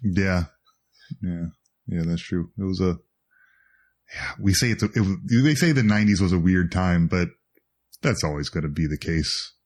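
A man's voice: deep voice, a little mellow. Joking man in casual podcast chat. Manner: joking, laughs often, drawn-out asides. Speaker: podcast co-host.

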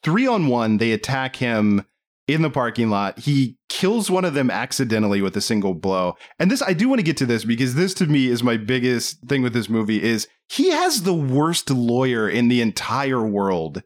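A man co-hosting a podcast, talking through a movie in casual chat, animated and incredulous, laughing often. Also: medium pitch, normal speed. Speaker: podcast co-host.

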